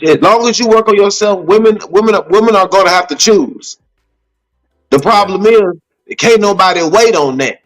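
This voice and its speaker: A man, co-hosting a casual chat and making his point in an animated, persuasive way. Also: high voice, moderate pace, poor audio. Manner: animated, persuasive, repeats "you see what I'm saying". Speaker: podcast co-host.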